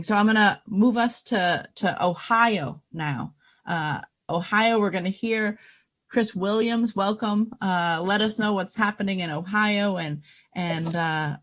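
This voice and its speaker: A woman's voice: lowish voice, a little slow, fairly bright tone. A woman hosting a rally livestream, affirming speakers steadily and handing over to the next. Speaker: host.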